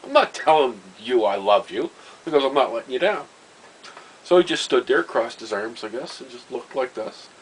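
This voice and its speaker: A man's voice: medium pitch, expressive, normal speed, slightly rough, low-quality recording. A middle-aged man casually telling rambling personal stories, breaking off mid-sentence and chuckling at his own anecdotes. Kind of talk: casual storytelling monologue.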